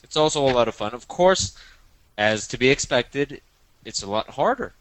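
A man's voice: medium pitch, lively intonation, normal speed, dry recording, rough recording. A man co-hosting a podcast in casual chat, playful and teasing, often repeating himself. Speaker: podcast co-host.

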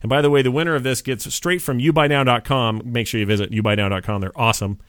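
A man's voice: mid-range voice, steady tone, fast talker, background noise. A man hosting a casual podcast, joking around and fumbling through his notes. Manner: joking, scattered, self-deprecating. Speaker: podcast host.

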